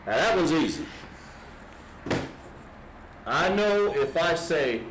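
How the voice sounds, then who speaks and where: A man's voice: on the high side, very animated, takes it slowly. A man with a Southern American accent, patiently explaining a lettering lesson step by step to a class. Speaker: Hebrew lettering teacher. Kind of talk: classroom instruction. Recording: echoey room with background noise.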